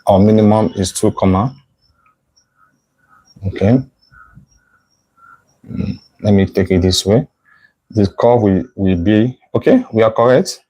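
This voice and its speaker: A man's voice: lowish voice, takes it slowly, long pauses, mellow, rough recording. Man thinking aloud through a math lesson. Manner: thinks aloud while sketching, self-correcting, checks in with "right?". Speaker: math tutor. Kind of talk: live online math lesson.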